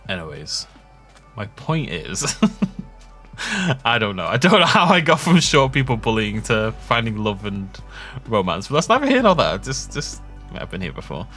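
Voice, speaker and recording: A man's voice: mid-range voice, wildly swooping pitch, unhurried, a bit bright, soft background music. A young man rambling and joking as he plays, self-mocking and chatty. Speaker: gaming YouTuber. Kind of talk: rambling gameplay commentary.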